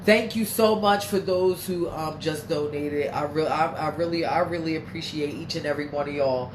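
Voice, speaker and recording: Her voice sits low and moves at a normal speed as she hosts a casual livestream, chatting brashly, cursing freely, and reading viewer comments. She sounds stuffy and congested, and the echoey room has background noise.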